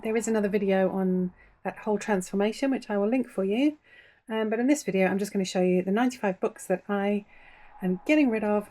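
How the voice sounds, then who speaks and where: A woman in her fifties talks casually to camera from a small bedroom at home. She is chatty and unhurried, with frequent ums and little restarts as she goes along. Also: mid-range voice, warm tone. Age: 50s. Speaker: book vlogger.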